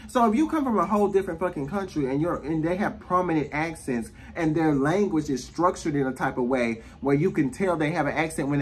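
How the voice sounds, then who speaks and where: Sassy, profane American man ranting. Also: fairly high pitch. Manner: profane, sassy, animated rant with mocking voices. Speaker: vlogger. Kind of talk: ranting monologue.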